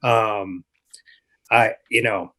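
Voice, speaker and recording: An earnest man in his fifties, guesting on a podcast for his charity. His voice is bright and sharp at the edges. He stops and restarts often as he works through his thoughts. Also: lowish voice, steady tone, low-quality recording. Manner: earnest, halting, many restarts. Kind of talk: casual interview talk.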